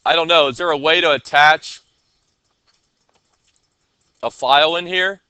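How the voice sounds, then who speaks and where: Bright casual man teaching a class. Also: a little high, unhurried, smooth, no room sound. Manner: casual, checks in with students often. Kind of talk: classroom coding lesson.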